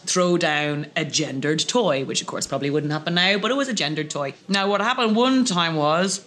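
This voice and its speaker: Man, podcast guest, higher pitch, bright, tense tone, self-mocking comic storyteller. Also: normal speed. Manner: lively, self-mocking, animated anecdotes.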